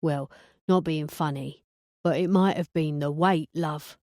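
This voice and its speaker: A woman's voice: sits low, fairly even intonation, a little slow, mellow, no echo, studio quality, voice pushed down. A woman voicing a cocky young man who talks bluntly and casually. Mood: offhand.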